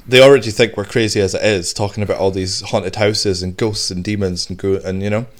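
Lower-pitched man, rambling storyteller. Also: a little fast. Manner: animated, rambling storyteller with restarts. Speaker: podcast host. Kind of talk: casual chat.

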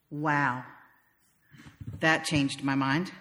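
A woman's voice: fairly low pitch, moderate pace, pushed and bright, long reverb tail. A woman minister from the South, preaching a sermon in a wry, conversational storytelling manner. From American South.

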